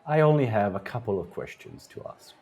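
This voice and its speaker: A man doing a town sheriff, stern, formal, slightly low voice, tabletop game. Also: expressive, warm tone, breathy edge. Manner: measured, formal and commanding.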